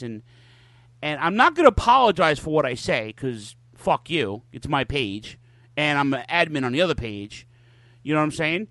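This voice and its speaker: A man's voice: a little high, very animated, normal speed, fairly bright tone, dry recording. A man in his forties hosting a podcast, telling loose stories in casual chat and swearing constantly. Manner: profane, loose storytelling with lots of cursing. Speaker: podcast host.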